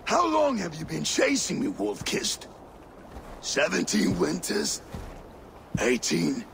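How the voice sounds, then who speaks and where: An actor playing a cruel, gloating male warlord villain in a video game, taunting his captive with slow, menacing threats. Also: fairly high pitch, wildly swooping pitch, creaky, noisy background, full character voice.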